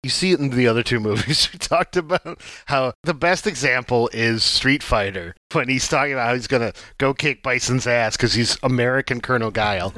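Bright joking man on a dry mic. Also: medium pitch, dry recording. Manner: joking, does mock voices. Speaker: podcast co-host. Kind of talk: casual movie podcast chat.

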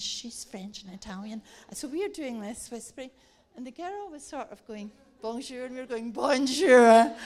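A woman preaching a sermon, telling a lively story and acting it out with laughter. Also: a little high. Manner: animated, acts out the story with laughter.

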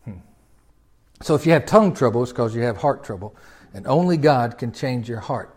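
A man preaching a sermon in a folksy way, swinging from loud emphatic peaks down to quiet low lines. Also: animated, moderate pace, husky. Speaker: pastor.

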